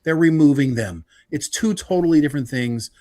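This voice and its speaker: Man, podcast co-host, heated, lecturing, lively pitch. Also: brisk. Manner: heated, ranting, lectures listeners directly. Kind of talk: casual political chat.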